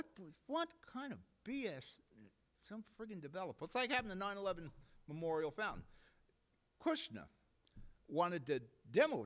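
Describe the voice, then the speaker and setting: A man's voice: high voice, sing-song, normal speed, long pauses. Blunt, indignant New man hosting. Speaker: host. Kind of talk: ranting local talk show monologue.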